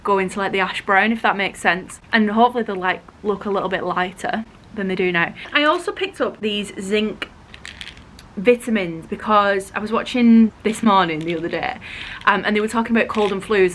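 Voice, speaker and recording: A woman's voice: medium pitch, fairly bright tone, a little hiss or hum. A young woman, heavily pregnant, chatting casually and gushing in a vlog, with the odd swear. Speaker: vlogger.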